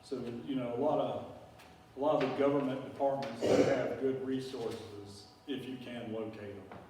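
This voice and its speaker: A man's voice: medium pitch, steady tone, normal speed. Folksy man in an echoey room. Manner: rambling, filler-heavy, folksy. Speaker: speaker giving a talk on native plants. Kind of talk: casual presentation to a local audience. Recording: echoey room, distant mic, faint hiss.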